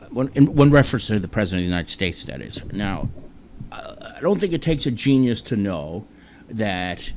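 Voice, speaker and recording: A man's voice: lowish voice, darkish tone, slight background noise. A man with a New Jersey accent hosting a web talk show alone, rambling in a chatty, self-deprecating way. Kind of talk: casual solo talk-show monologue.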